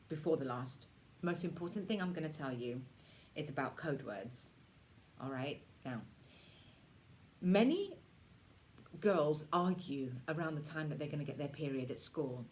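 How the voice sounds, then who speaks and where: A woman's voice: low-pitched, a little mellow, slight background noise. Chatty reassuring woman in her forties. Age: 40s. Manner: chatty, reassuring, acts out moods in quick voices. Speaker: self-care workshop leader. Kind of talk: casual teaching talk to teens.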